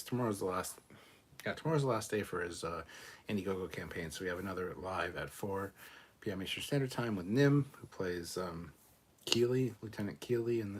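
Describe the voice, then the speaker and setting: A man's voice: lowish voice, slight background noise. A man hosting a casual livestream, joking loosely and thanking viewers by name as he reads out donations. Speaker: livestream host. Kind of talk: casual live-stream chat, reading out donations.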